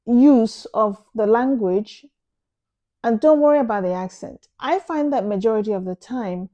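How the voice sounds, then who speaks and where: Earnest woman with a warm, mellow voice. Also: on the high side. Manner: earnest, emphatic, repeats phrases for stress. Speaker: vlogger. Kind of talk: casual advice talk to camera.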